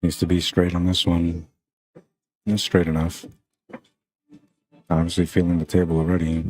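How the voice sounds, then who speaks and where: A man's voice: sits low, completely flat delivery, normal speed, a little mellow. A man commenting live on a pool match for a stream, chatty and greeting viewers by name between shots.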